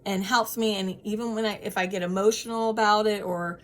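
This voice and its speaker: A woman's voice: mid-range voice, steady tone, brisk. A woman in her thirties talking casually to her viewers, earnest and heartfelt, with frequent ums and restarts. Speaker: vlogger sharing personal experience. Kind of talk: casual advice chat to camera.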